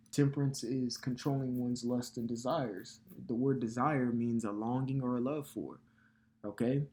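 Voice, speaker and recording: A man's voice: mid-range voice, mellow. Casual man preaching a loose sermon. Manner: loose, conversational, swears casually, frequent filler tags. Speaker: bible teacher.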